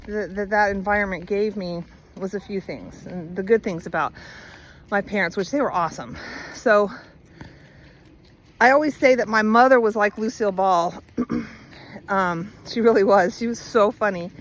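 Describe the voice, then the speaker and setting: A woman at a middle pitch tells her own life story in an open, rambling, conversational way. She fills gaps with ums and laughs easily. A faint noise sits behind her on an outdoor phone recording. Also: moderate pace, low-quality recording. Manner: chatty, candid, laughs easily, many fillers. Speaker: vlogger. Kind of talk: casual personal storytelling. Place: outdoors walking her dog.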